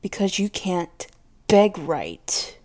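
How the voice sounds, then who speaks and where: A woman's voice: fairly low pitch, big pitch swings, slow, a little mellow. A woman playing a volatile, possessive mistress. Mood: scornful, domineering. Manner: domineering, scornful, drops to whispers. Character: possessive, volatile woman scolding her pet. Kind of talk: audio role-play to the listener.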